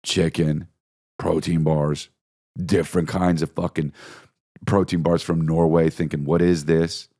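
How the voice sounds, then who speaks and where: A man hosting a podcast, telling crude, animated comedic stories and riffing with lots of profanity. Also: rumbling low, a little slow, pauses often. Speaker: podcast host. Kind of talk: comedic storytelling monologue.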